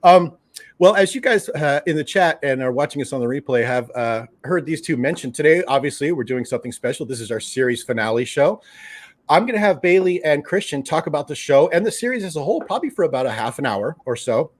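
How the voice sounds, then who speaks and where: A man's voice: on the high side, lively intonation, fast talker. A man hosting a live streamed show, chatting casually and joking while greeting viewers from the chat by name. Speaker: host of a collectibles show's live stream.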